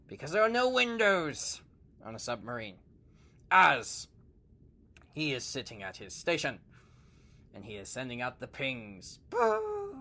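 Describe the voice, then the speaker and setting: Man narrating a kids' story, playful, giggly, slow and animated. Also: medium pitch. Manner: playful, laughing often.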